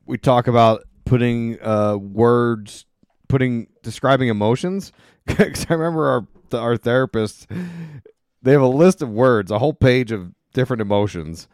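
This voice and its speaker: Earnest man, halting and reflective. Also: mid-range voice, a little mellow, clean tone, no echo, studio quality. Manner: earnest, halting, restarts his sentences. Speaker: co-host. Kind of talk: casual chat.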